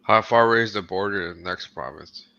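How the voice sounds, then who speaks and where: Very deep gravelly man, teasing. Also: fast, bright, forceful tone, lo-fi sound. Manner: teasing, dry. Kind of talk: casual chat.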